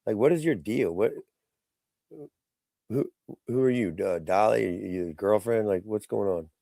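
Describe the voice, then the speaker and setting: A man with a very low, gravelly voice hosts a live stream in a casual, rambling way, teasing and calling out people in the chat. The sound is dry and close, with no room echo. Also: dark tone. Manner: rambling, mocking, quick to call out chat. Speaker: livestream host.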